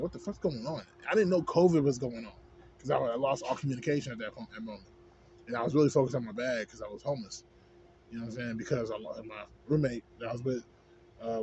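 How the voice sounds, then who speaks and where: A male vlogger with a mid-range, darkish voice goes on a casual, rambling rant packed with swearing and "you know what I'm saying." The recording is dull and lo-fi with faint background noise.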